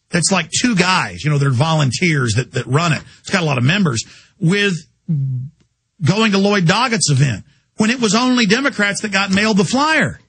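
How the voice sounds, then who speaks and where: Male radio host, high and bright, husky edge, heated rapid-fire monologue. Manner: rapid, heated and insistent, with rhetorical questions. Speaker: radio talk show host. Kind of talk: impassioned political monologue.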